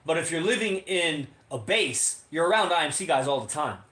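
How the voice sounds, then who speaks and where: Rambling, profane, filler-heavy and loose, a man delivers a casual podcast monologue with a fairly high voice. His talk carries a noticeable roomy echo. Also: animated, a little fast, pushed and bright. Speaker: podcast co-host. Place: home in Las Vegas.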